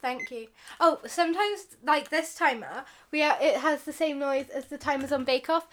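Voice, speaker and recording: A woman's voice: sits high, normal speed. A teenage girl, co-hosting a casual chat podcast and rambling in a chatty, giggly way. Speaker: co-host.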